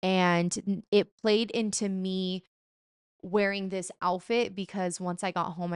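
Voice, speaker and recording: A young woman vlogging in a chatty, animated, self-mocking way, sometimes slipping into playful put-on voices. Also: mid-range voice, smooth, no echo, clean studio sound. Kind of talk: casual chat.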